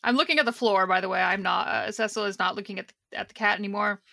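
A woman's voice: medium pitch, fairly even intonation, quick pace, gravelly, pushed and bright, dry recording, studio quality. A woman playing a tabletop game, chatting casually and trailing off in a self-deprecating way. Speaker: player. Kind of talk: tabletop role-play chat.

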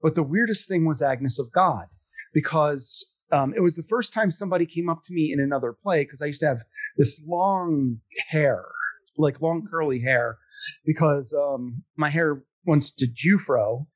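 A man's voice: a little high, moderate pace. Chatty man rambling through a story. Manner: rambling, animated, self-deprecating, with many fillers. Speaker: podcast guest telling stories. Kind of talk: casual storytelling chat.

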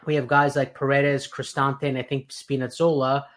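A man hosting a podcast, giving animated, opinionated football takes in casual chat with frequent restarts. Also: medium pitch, moderate pace. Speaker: podcast host.

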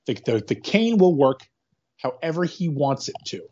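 Rambling man on a lo-fi podcast. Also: a little high. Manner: rambling, animated retelling with quick quoted asides. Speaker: podcast co-host. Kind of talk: casual movie-recap chat. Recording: dull lo-fi sound.

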